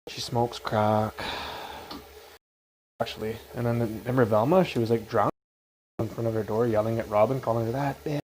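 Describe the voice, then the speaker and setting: A man's voice: mid-range voice, fairly even intonation, quick pace, darkish tone. A young man rants into his phone at home during a livestream, swearing freely and circling back through a grievance. His voice sits in a middle register, with a faint hiss of background noise under it. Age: young adult. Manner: rambling, profane, aggrieved storytelling. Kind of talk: casual livestream rant. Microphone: phone livestream mic.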